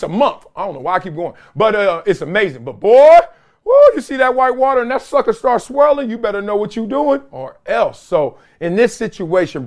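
A middle-aged man hosting a sports talk show, giving casual, animated commentary and acting out other voices in quoted bits. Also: fairly high pitch. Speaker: show host.

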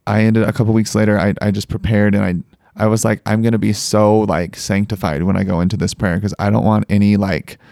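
A young man telling a personal story as a podcast guest, earnest and animated, with many filler words. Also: fairly low pitch, a little fast, vocal fry, dry recording, clean studio sound. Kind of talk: conversational storytelling.

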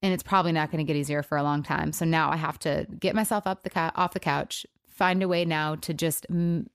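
Soft-spoken woman hosting a podcast, dry close sound. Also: sits low, steady tone, clear, resonant tone, dry recording. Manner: halting, soft-spoken, with frequent pauses and trailing phrases. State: emotionally raw and subdued. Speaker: podcast host. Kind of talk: casual solo podcast talk.

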